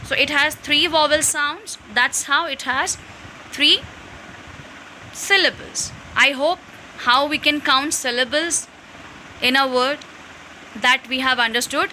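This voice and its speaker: A woman's voice: high-pitched, takes it slowly, long pauses, pushed and bright, a little hiss or hum, rough recording. A woman explaining a lesson from slides, step by step with restarts. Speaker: English teacher.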